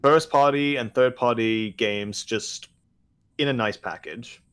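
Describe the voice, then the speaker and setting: A man's voice: takes it slowly, a bit bright, clear, resonant tone. A young man with a mid-range voice chatting casually on a gaming podcast. He jokes a lot and loves playing up his memories for laughs. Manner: joking, puts on shrill mock screams. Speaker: podcast co-host. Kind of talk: casual chat.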